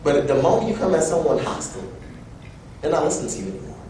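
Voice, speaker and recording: A young man giving a personal storytelling speech at an event, animated and acting out quoted voices. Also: rapid-fire. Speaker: event speaker. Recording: echoey room from far off with low rumble.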